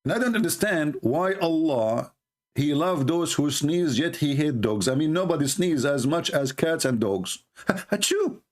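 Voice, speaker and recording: A man's voice: on the high side, lively intonation, moderate pace, darkish tone. A man giving a sarcastic, mocking monologue as a religious debater, full of scornful rhetorical questions.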